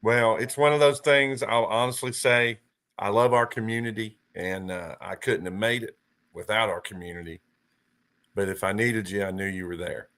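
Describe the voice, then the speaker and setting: Guy in his 50s hosting a sports show, deep-ish voice, warm folksy thank-yous. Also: steady tone, moderate pace. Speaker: host. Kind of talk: casual talk show chat.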